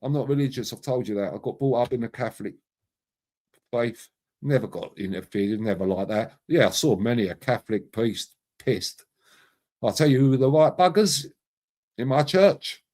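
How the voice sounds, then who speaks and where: A man's voice: medium pitch, moderate pace, a little mellow. A middle-aged man hosting a casual live stream, chatting matily with viewers by name and swearing freely. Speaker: live stream host reading chat. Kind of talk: casual chat.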